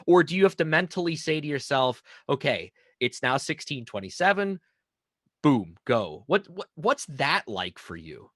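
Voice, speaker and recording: A man's voice: fairly high pitch, sing-song, moderate pace, fairly bright tone, dry recording, studio quality. A man hosting a casual porch interview podcast. He talks chattily and often repeats his first words as he starts a question. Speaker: podcast host and German teacher.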